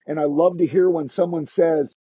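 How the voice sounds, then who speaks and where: A man's voice: fairly high pitch, fairly even intonation, normal speed, mellow, breathy edge, no echo. Man, skating instructor, casual interview talk, dry and dull lo-fi sound. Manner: chatty, restarts sentences, acts out quoted kids.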